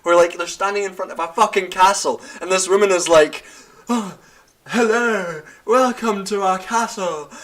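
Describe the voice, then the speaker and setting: A young man, drinking wine while ranting about a TV show in a profane, animated way, laughing and tripping over his words. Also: on the high side. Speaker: vlogger. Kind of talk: casual rant.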